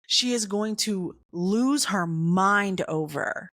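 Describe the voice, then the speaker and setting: A woman podcaster spins a funny personal tale, leaning hard on emphasis and repeating her punchlines for effect. Her voice sits at an ordinary middle pitch for a woman. The sound is dry, with no room echo. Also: slow pace. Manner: animated, dramatic emphasis and repetition. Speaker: podcast host. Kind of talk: comedic personal storytelling.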